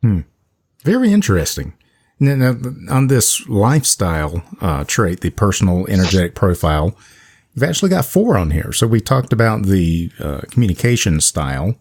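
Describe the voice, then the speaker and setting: Low-voiced guy hosting a radio chat, lots of up and down in his voice, relaxed. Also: moderate pace. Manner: easygoing, laughs along with his guest. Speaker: radio host. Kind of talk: casual interview chat.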